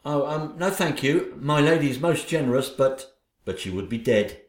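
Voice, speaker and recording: A man's voice: a little high, expressive, normal speed, echoey room, lightly acted. A man voicing an eager, nervous manservant who fawns and stammers. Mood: fawning. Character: fawning nervous male servant.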